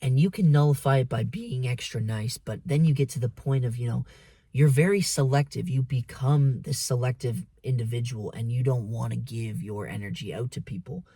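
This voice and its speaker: A man speaks in a loose, preachy monologue, cursing freely and calling the listener "man" and "dude". His voice sits at an ordinary middle pitch. It is recorded dry and close, with no room echo. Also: moderate pace, mellow, breathy edge. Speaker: vlogger. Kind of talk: casual monologue.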